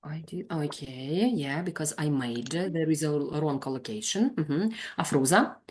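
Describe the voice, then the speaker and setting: Woman, trainer, low pitch, patient corrections. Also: moderate pace, slight background noise. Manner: calls on students, corrects gently. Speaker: teacher trainer. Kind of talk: online lesson.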